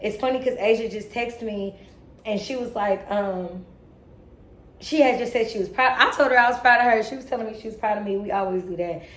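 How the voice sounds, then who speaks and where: A young woman vlogs to camera about her faith, earnest, a little tearful, self-motivating and preachy, using casual slang. Her mid-range voice is a bit bright and fairly quick, in an echoey room.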